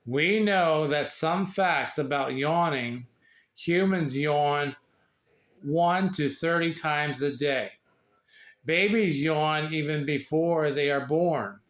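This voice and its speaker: Slow, halting man reading aloud. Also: fairly high pitch. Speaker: reader sharing a book. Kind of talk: casual read-aloud of a children's book. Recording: echoey room.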